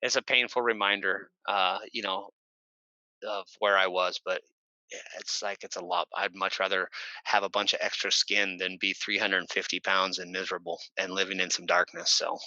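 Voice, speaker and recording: A man's voice: flat delivery, moderate pace, no room sound, highs cut off. A man guest on a podcast telling stories casually, rambling with many fillers and restarts. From Oregon, USA. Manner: bursts into shrill shouted imitations. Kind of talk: casual storytelling.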